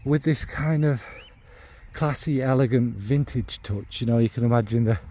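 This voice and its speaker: A man with a Northern English accent talks in an easygoing, meandering way, groping for the right words as he goes. His voice is warm and mellow at a middle pitch, with a faint hiss of noise under it. He is blunt and drops the odd swear word. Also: normal speed. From Northern England. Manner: meandering, searching for descriptive words. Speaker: fragrance reviewer. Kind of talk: casual spoken review.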